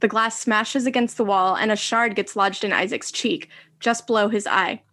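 A woman co-hosting a casual podcast, recapping a TV episode with dry, brisk quips. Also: medium pitch, bright, forceful tone. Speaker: podcast co-host.

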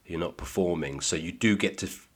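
A man with an extremely deep, husky voice trades stories on a podcast. His delivery is dry and deadpan, and his jokes are played straight. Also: fairly quick. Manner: deadpan, dry comic storytelling. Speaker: comedian guest. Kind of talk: casual podcast chat.

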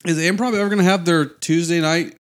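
A man's voice: a little high, fairly even intonation, fast. A man hosting a casual chat, easygoing and asking his guest questions.

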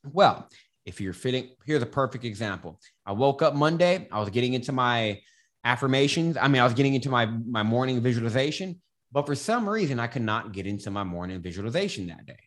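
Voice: mid-range voice, lively intonation, brisk. A self-help coach giving candid casual advice, explaining through a personal story with frequent restarts. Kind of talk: casual advice monologue to camera.

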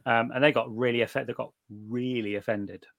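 A middle-aged British man chatting casually, telling animated stories with many restarts and the odd swear word. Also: mid-range voice, normal speed, vocal fry, dry recording, studio quality. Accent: British English. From Britain. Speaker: guest reviewer of night vision gear. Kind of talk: casual chat.

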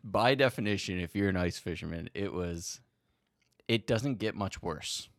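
A man co-hosting a podcast, telling a long story in an animated way and swearing freely. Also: low-pitched, normal speed, no echo, studio quality. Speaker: podcast co-host. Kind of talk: casual storytelling chat.

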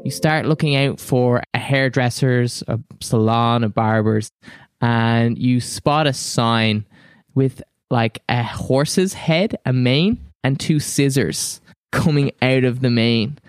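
A man narrating a tabletop game as game master, relaxed and laughing often. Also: mid-range voice, slow, smooth, no room sound, clean studio sound. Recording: soft music behind.

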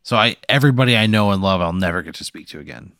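A man's voice: low voice, lively intonation, racing, a bit bright, dry recording, clean studio sound. A man in casual comedic banter, reacting with blunt, incredulous, profane answers. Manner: incredulous, blunt, swears freely. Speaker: podcast co-host answering a hypothetical.

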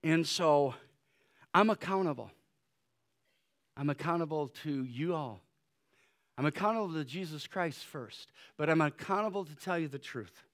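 A male pastor preaching a sermon, shifting between loud urgent exhortation and soft, quiet pleading, with conversational fillers. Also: on the high side, lively intonation, moderate pace, long pauses.

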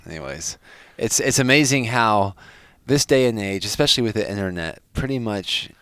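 A man's voice: lowish voice, animated, moderate pace, a bit bright, smooth, dry recording. A man hosting a casual interview, asking hesitant, rambling questions. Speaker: podcast host.

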